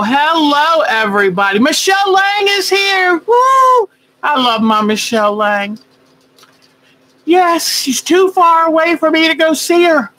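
Slow, chatty woman host. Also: sits high, bright, forceful tone, poor audio. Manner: chatty, greets viewers by name, rambling asides. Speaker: quilting live-stream host. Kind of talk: casual live-stream chat.

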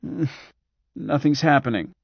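A man voicing a frail, bedridden cyborg man who speaks in a weak, reedy whisper, slow and hesitant, with a resentful edge. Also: medium pitch, vocal fry, slightly rough, no echo, dull audio, pitched above the performer's own voice.

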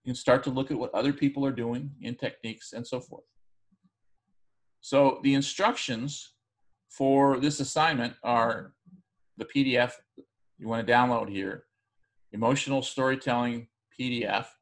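Pausing often at a moderate pace, a medium-pitched man works through a recorded class lecture in an easygoing, conversational way, with plenty of fillers and false starts.

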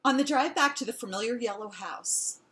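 A woman reading a children's story aloud in the first person, in a gentle, expressive storybook manner. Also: a little high, moderate pace.

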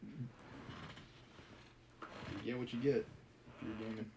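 A man's voice: medium pitch, fairly even intonation, slow, warm tone, slight background noise, poor audio. A chuckling man reading aloud on stream. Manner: wry, chuckling asides. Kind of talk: live-stream reading with casual asides.

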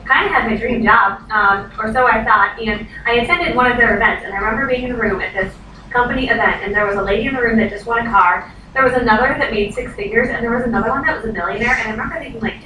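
A direct sales consultant in her thirties gives a chatty training talk, her voice a little high, bright and forceful at a quick pace. She acts out quoted voices and says "like" frequently, heard from far off in a noisy room with echo.

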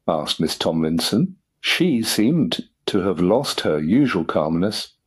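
A man narrating an audiobook for English learners in a measured, formal way. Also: deep voice, expressive, husky.

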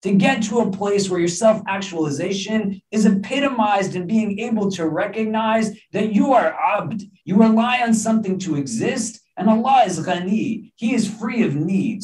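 A man's voice: high-pitched, darkish tone. A man, an imam giving an earnest, conversational sermon directly to his audience. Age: 30s. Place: large room with a gathered audience. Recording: roomy echo, mic from a distance.

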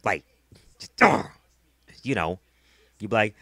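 A man's voice: on the low side, big pitch swings, slow, pauses often, pushed and bright, dry recording. A man delivering a heated, profane vlog rant, often repeating himself. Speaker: vlogger. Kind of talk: angry ranting vlog.

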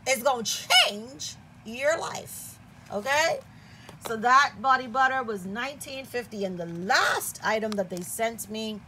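Woman from the Caribbean, mid-pitched, chatty and eager, casual unboxing review, faint background noise. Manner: chatty, enthusiastic, repeats phrases with "okay?". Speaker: product reviewer.

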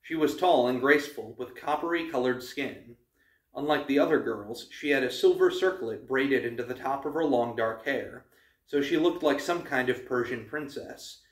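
A man reading a novel aloud for his channel, in steady narration with small stumbles. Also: mid-range voice, moderate pace. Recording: roomy, distant mic.

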